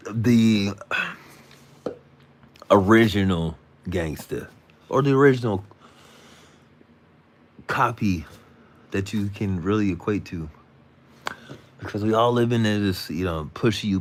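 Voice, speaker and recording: A man hosting a live stream, telling a rambling story in slangy casual talk, sounding tired. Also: low voice. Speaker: livestream host.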